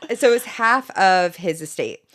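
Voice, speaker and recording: Female podcast co-host, lower voice, lively pitch, gossipy storyteller. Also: moderate pace. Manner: animated, gossipy retelling. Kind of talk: casual storytelling chat.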